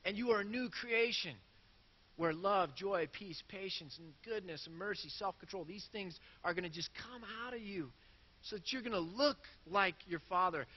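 A man's voice: high voice, moderate pace, breathy edge, big-room sound, dull audio. A man preaching a sermon in a church, earnest and self-deprecating as he works through quoted scripture. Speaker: pastor.

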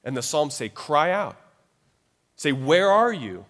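A man's voice: a little high, sing-song, takes it slowly, fairly bright tone. A man preaching a sermon as pastor, in a conversational style with frequent asides to the listeners. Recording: long reverb of a large hall.

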